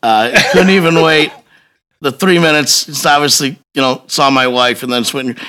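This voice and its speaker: A man telling a long personal story in casual chat, profane and animated, laughing as he goes. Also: on the high side, normal speed.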